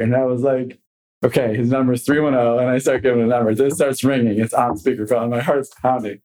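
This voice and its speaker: A man's voice: medium pitch, steady tone, fast talker, darkish tone, low-quality recording. A man on a podcast tells a story with energy. He acts out the people he quotes. His voice sits in an ordinary middle range. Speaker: guest; commercial real estate broker.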